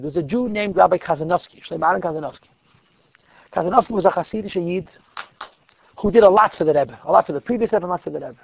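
Gravelly high-voiced man telling a story. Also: brisk, pauses often, no room sound. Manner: animated and emphatic, repeats words for stress. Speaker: religious storyteller. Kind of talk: telling a Hasidic story to listeners. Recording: dull lo-fi, dry recording.

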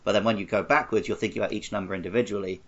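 A man co-hosting a podcast, chatting casually and telling animated stories with quoted voices. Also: fairly low pitch, very fast, lo-fi sound. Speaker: podcast co-host. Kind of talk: casual chat.

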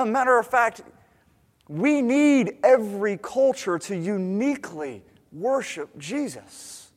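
A man preaching a sermon in a conversational way, often stammering and restarting his sentences. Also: high-pitched. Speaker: pastor. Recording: long hall reverb.

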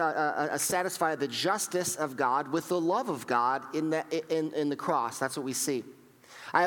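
A man preaching a sermon, telling stories in an animated way and acting out what people said, often repeating and restarting his words. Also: a little high, big-room sound. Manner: animated storytelling with acted-out quotes; frequent repetitions and restarts. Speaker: pastor.

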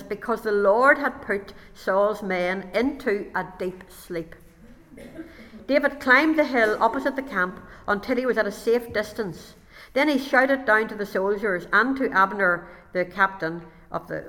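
A woman's voice: medium pitch, a bit bright. A woman preaching a sermon and reading scripture aloud, lifting her voice dramatically for the quoted lines. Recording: long hall reverb.

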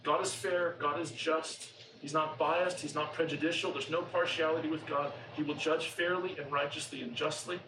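A man's voice: a little high, steady tone, normal speed, hardly any pauses, reverberant, recorded from a distance, background noise. A man preaching a sermon, telling a story conversationally and acting out what the people in it say. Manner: conversational storytelling, acts out quoted characters.

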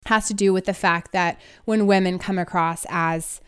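A woman's voice: fairly low pitch, fairly even intonation, normal speed, smooth. A woman co-hosting a podcast, talking in a casual, emphatic way and laughing through her frustration. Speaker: podcast co-host. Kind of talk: casual conversational podcast chat.

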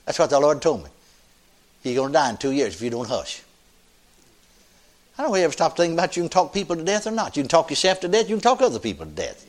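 An older man preaching a sermon in a folksy, animated way, often laughing with his congregation. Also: a little high.

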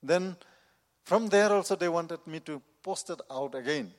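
A man, a missionary preacher, giving his personal testimony in earnest, halting, non-native phrasing. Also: fairly high pitch. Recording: long reverb of a large hall.

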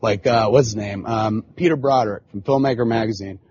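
A man's voice: lowish voice, brisk, a little mellow, slightly rough, muffled recording. A man in his forties hosting a podcast, telling a long casual story full of swearing and filler phrases. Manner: profane, rambling, frequent filler phrases. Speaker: podcast host.

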